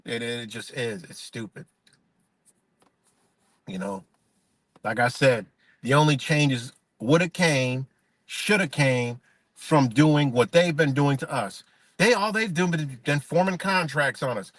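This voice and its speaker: A livestreamer launches into an unscripted, heated rant, profane and full of rhetorical questions. His mid-range voice is slow and a bit bright, broken by long pauses, with no room sound.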